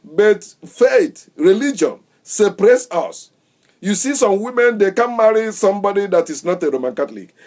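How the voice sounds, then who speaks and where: Animated man with a raised voice. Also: high voice, moderate pace. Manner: animated, acts out quoted voices; laughs often. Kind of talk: casual opinion talk.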